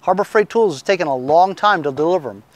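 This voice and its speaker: A man's voice: a little high, lively intonation, fast talker, a little hiss or hum. A middle-aged man reselling lawn mowers, chatting casually and rambling with lots of fillers. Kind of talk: casual chat.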